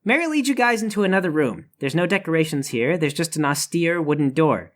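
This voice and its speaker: Gm narrating a tabletop game, dry jokey tone, lively voice. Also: mid-range voice, fairly quick. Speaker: game master.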